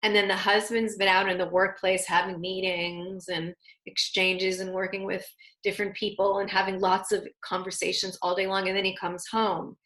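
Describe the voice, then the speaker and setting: A woman leading a relationship class, talking in an easy, conversational way at a middle pitch. She now and then acts out what spouses say to each other. Her voice carries a roomy echo. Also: normal speed, fairly bright tone. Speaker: relationship teacher. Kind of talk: online class lecture.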